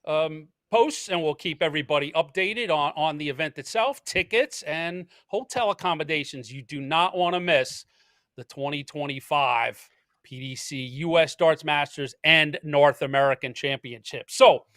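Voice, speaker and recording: Bright high-voiced male podcast host. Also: normal speed, no echo. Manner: upbeat, jokey, repeats words when starting. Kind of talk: casual podcast chat.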